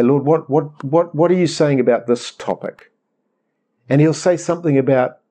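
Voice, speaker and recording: A middle-aged man preaching a conversational sermon, animated and rambling as he acts out prayers. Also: mid-range voice. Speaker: pastor.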